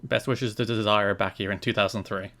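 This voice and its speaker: A man's voice: lowish voice, steady tone, fairly quick, pushed and bright. An Irish man co-hosting a podcast in casual chat, reading out news notes and adding dry asides. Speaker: podcast co-host.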